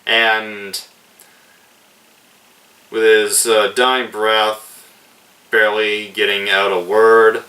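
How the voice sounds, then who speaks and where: A man's voice: lowish voice, little pitch movement, drawn-out words, pauses often, bright, forceful tone, distant mic, rough recording. A man casually reviewing a film, retelling scenes in a loose, rambling way with lots of "like".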